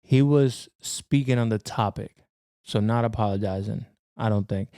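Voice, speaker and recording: A man's voice: fairly low pitch, moderate pace, dark tone, no room sound, studio quality. A young man co-hosting a podcast in casual, slangy chat, laughing often. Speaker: podcast co-host.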